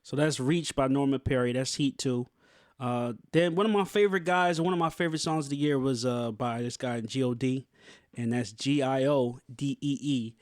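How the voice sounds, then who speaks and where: A man's voice: medium pitch, fairly quick, soft background music. A man hosting a podcast in casual chat, laid-back and slangy, with many fillers and restarts. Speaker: podcast host.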